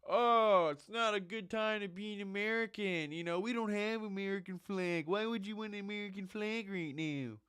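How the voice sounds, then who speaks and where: A man's voice: high-pitched, normal speed, few pauses, a bit bright, smooth, no room sound, studio quality, pitched above the performer's own voice. A man putting on the voice of a whiny woman shopper, mocking her complaints in a raised, whining tone. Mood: mocking whine.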